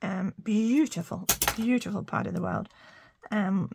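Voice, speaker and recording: A woman's voice: mid-range voice, takes it slowly, gravelly, background noise. An older woman chatting through a card-making tutorial, talking to her viewers and murmuring little asides as she works. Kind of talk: casual craft tutorial.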